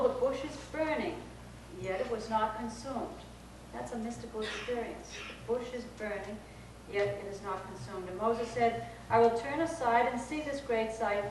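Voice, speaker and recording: A woman preaches a lively, playful sermon from a church pulpit, acting out the voices she quotes. Her voice sits a little high and is picked up from a distance. The sound rings through a very echoey hall over a steady hiss. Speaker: minister. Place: church sanctuary.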